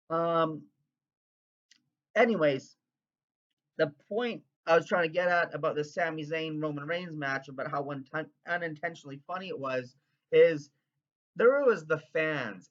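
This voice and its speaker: A man from Canada rambling in an excitable, profane, casual rant. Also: a little high, muffled recording. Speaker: vlogger.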